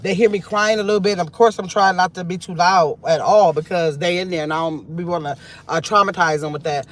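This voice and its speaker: This livestream host is a middle-aged grandmother talking from her car, her lowish voice steady and fairly quick. She reads viewer comments aloud, rambling and reflective in a casual chat.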